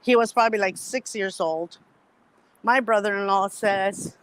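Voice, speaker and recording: A woman who is a guest on a podcast, telling a story in a casual, animated way. She acts out the dialogue of the people in her story. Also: mid-range voice, measured pace, no room sound, low-quality recording.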